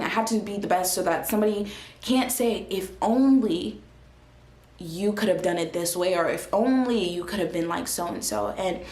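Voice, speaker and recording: A young woman giving a casual, earnest faith testimony as a vlogger, animated and chatty with many restarts. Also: mid-range voice. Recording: roomy echo.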